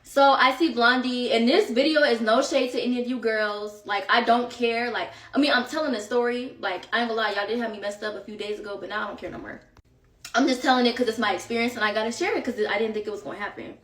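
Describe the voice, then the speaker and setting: A woman's voice: on the high side, steady tone, fast, fairly bright tone. A young woman telling a rambling storytime to her viewers, casual and full of asides to the audience. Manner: chatty, filler-heavy, rambling asides to viewers. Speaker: storytime vlogger. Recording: echoey room, far from the mic.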